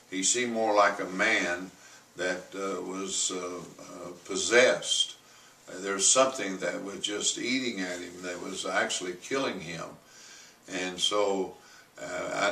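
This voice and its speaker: Male pastor, testimony sermon, hesitant delivery, bright tone, echoey room. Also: low-pitched. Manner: halting, full of uh fillers, rising to forceful quoted commands. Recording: roomy, from a distance.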